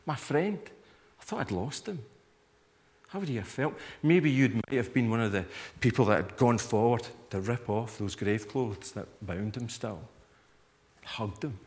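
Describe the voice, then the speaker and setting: A man's voice: lowish voice, normal speed, darkish tone. A male preacher giving a sermon in a conversational manner, inviting listeners to imagine themselves in the scene. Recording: long hall reverb.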